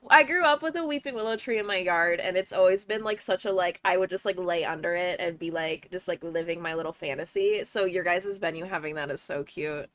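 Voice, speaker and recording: A woman's voice: on the low side, brisk, few pauses, fairly bright tone, dry recording. A young woman streaming from home, chatting casually with her viewers, swearing freely and breaking into laughter. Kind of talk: casual livestream chat.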